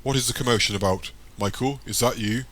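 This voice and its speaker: A man's voice: medium pitch, fairly quick, a bit bright, a little hiss or hum, lightly acted. A man voicing a commanding male elder who speaks steadily with authority.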